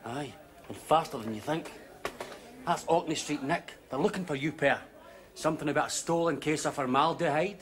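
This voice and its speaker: A man's voice: a little high, moderate pace, fairly bright tone, close to an everyday voice. A man playing a wry barman. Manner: dry, mocking wit. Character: smart-mouthed barman, wry and teasing.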